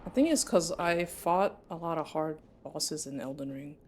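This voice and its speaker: A young woman streaming a game live, reacting excitably and laughing often as she plays. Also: deep voice, normal speed, a little hiss or hum. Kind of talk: live gameplay commentary.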